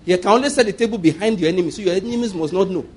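A Nigerian man preaching a sermon as a pastor, lively, with frequent laughter and mocking asides. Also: high-pitched, rapid-fire, breathy edge.

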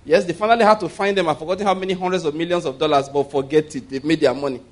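A man's voice: on the high side, steady tone, rapid-fire. A man preaching a sermon in a conversational way, asking the congregation rhetorical questions and leading call-and-response.

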